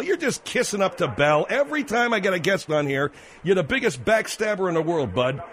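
A man hosting a comedic radio call-in show, who talks in a calm, reasoning way and keeps pressing his point. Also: high voice, brisk, a little hiss or hum. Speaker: radio talk show host. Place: radio studio.

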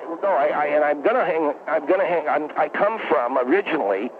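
A man's voice: a little high, lightly acted. A man doing a lisping doctor caller on the phone. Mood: flustered. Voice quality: Elmer Fudd-like lisp. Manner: halting, stammering. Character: fussy male doctor caller with a speech impediment. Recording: tinny phone line with faint hiss.

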